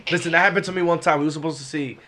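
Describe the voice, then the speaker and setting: A man's voice: a little high, steady tone, rapid-fire, pushed and bright. A young man trading profane anecdotes in a casual podcast chat. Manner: laid-back, profane, trades anecdotes. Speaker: podcast guest.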